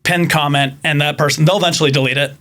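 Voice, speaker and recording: A man who works in animal rescue, a podcast guest, talking in casual chat and telling animated stories that act out the people he quotes. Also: a little high, quick pace.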